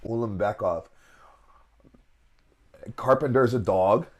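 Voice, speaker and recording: A young man co-hosting a casual sports podcast, excitable and jokey. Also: on the low side, slow pace. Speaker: co-host, coach.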